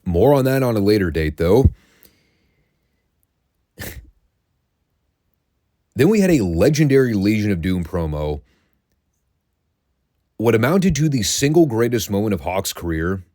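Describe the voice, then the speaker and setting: A man's voice: on the low side, sing-song, measured pace, pauses often, warm tone, dry recording, clean studio sound. A middle-aged man hosting a recap podcast, telling stories in a sardonic, profane and amused way. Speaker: podcast host.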